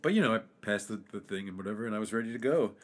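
A young man talks quickly in a casual podcast chat. His voice sits a bit low, and he rambles, restarts his sentences and swears now and then. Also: lively intonation. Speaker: podcast co-host.

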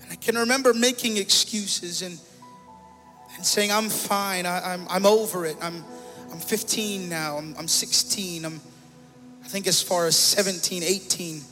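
With a steady tone, a high voice, and a slightly slow pace, a pastor preaches his personal testimony in a church sanctuary. Soft music plays behind him and a long reverb tail trails his words as he repeats himself and rises to emotional, loud intensity.

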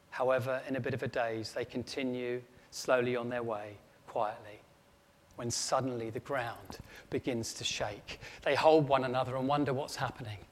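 A man preaching a storytelling sermon with dramatic rising emphasis. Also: medium pitch. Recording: long echo of a large hall.

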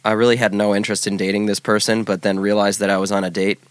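A man in his forties with a fairly low voice, telling a story in relaxed conversation. He stops and restarts often as he talks, and the sound is dry and close. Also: no room sound. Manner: halting storytelling with many restarts. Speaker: podcast guest. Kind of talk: casual chat.

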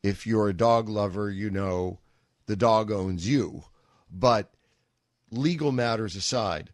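A man's voice: on the low side, dry recording. A middle-aged man hosting a talk radio show, telling a rambling story with wry asides into a studio microphone.

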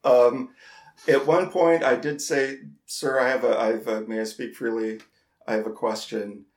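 A man's voice: medium pitch, steady tone. Man telling a story in a roomy echo. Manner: halting, repeats words, laughs at himself. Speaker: podcast co-host. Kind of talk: casual storytelling chat.

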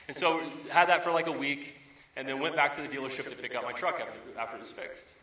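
A man in his thirties delivers a conversational sermon in a bright, forward voice. His voice sounds distant and roomy, as if from a mic some way off in a reverberant hall. He tells everyday stories and hammers his points home by repeating key phrases. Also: medium pitch, steady tone, fast talker. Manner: conversational storytelling, emphatic repetition. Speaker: pastor. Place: church sanctuary.

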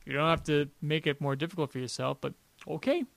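A man co-hosting a podcast in casual, rambling chat, sarcastic and quick to laugh. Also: on the high side, creaky, no echo. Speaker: podcast co-host.

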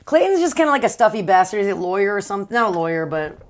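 A woman co-hosting a casual podcast, recapping a book with sarcasm, frequent swearing and quick acted-out quotes. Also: medium pitch, sing-song, a crowd in the background. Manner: sarcastic, swears often, acts out characters in quotes. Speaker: podcast co-host.

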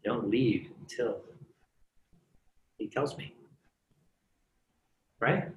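A man's voice: lowish voice, drawn-out words, slight background noise. A man preaching a sermon in a conversational way, often asking the congregation "right?" and joking between points. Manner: conversational, asks the crowd "right?" often, jokes and laughs. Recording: roomy echo.

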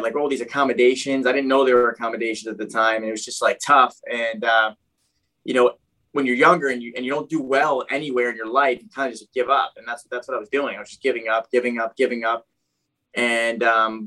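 A man from New Jersey tells his own story at a quick clip, the words tumbling out. His talk rambles and is packed with "like" and "you know". His voice sits at an ordinary middle pitch. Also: pushed and bright, poor audio. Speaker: guest telling his life story. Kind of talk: casual personal storytelling.

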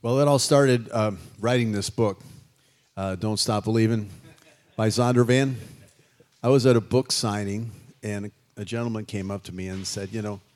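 With a lowish, steady, slightly mellow voice at normal speed, a sixty-something guest musician from Chicago looks back on his life. He tells the story in a reflective, rambling way during a casual interview.

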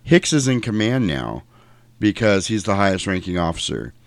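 A man putting on a tough, protective heroine in his own low voice, delivering lines bluntly and firmly. The sound is dry and close. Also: sing-song, normal speed, no room sound.

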